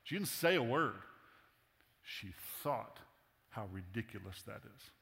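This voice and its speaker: A man's voice: lowish voice, animated, a little slow, vocal fry, fairly bright tone. A man preaching a sermon in a casual, humorous, conversational way to a congregation in a church. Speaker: pastor. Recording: long hall reverb.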